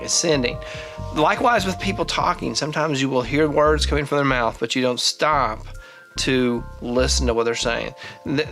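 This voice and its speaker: Man, forties, vlog host, casual monologue, restarts often, mid pitch. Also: a bit bright. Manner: thinking aloud with frequent restarts and fillers. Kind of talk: casual talking-head monologue.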